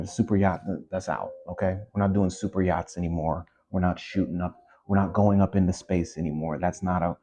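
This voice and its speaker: A low-voiced man with a husky, mellow tone rants to his audience in a loose, animated way. He circles back on his points, repeating phrases and leaning on conversational fillers. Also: muffled recording. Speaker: commentary host. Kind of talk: casual opinion rant.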